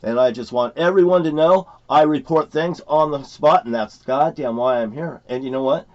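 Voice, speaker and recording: A man's voice: on the high side, normal speed, darkish tone. A middle-aged man in a heated, rambling, profane rant at his home, repeating his points. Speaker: vlogger. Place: at his home property by a motorhome. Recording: dull lo-fi recording.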